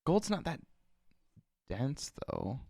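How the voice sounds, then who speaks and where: A man's voice: fairly high pitch, big pitch swings, slow, mellow, no echo. A man co-hosting a podcast in casual chat, explaining things loosely with lots of "like" and making dry jokes. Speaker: podcast co-host.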